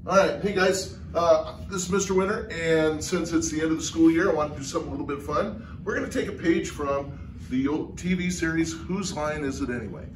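A man's voice: on the high side, a little fast, noisy background. A man, a teacher, talking playfully and casually to his students. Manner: playful and joking. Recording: roomy, from a distance, music behind.

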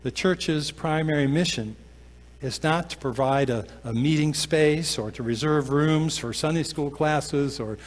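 A male pastor preaches a sermon in a church sanctuary, frequently slowing down and dropping to a soft, low voice to stress a point. Long church reverb fills the recording.

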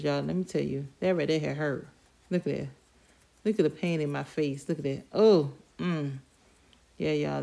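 This deep-voiced woman, her speech marked by vocal fry, is a beauty vlogger styling her hair at home. She chats informally with viewers, often saying "y'all", while a loud hair dryer drowns over her voice.

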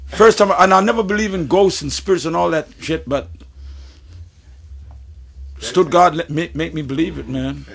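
A man in an interview telling a story in a casual, animated way, with stammering restarts, frequent swearing and laughter. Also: fairly high pitch, moderate pace, vocal fry, long pauses, husky. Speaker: musician interview guest.

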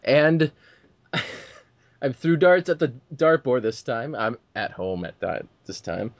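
A man's voice: medium pitch, sing-song, takes it slowly, no room sound. A man hosting a casual movie podcast, chatting in an upbeat way as he wraps up the episode. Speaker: podcast host.

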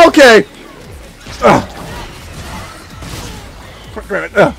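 Young man, let's play commentary, excitable and profane, very high voice, gravelly. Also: a little slow, long pauses, faint music behind. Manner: excitable, profane, makes sound effects while playing. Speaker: gaming commentator.

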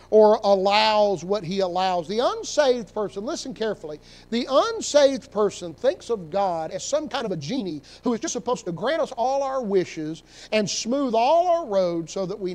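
Man, pastor, church sermon, high voice, conversational, emphatic peaks. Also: a little mellow, poor audio. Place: church sanctuary.

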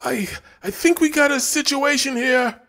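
A man's voice: fairly high pitch, moderate pace, gravelly, fairly bright tone, voice pushed up. A man voicing a frustrated, blustering young male clerk who complains and panics. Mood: panicked.

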